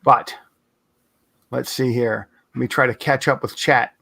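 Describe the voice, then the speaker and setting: A man hosting a casual livestream chat over a video call, relaxed and jokey, reading questions from the chat. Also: mid-range voice, measured pace, vocal fry, husky. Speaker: host.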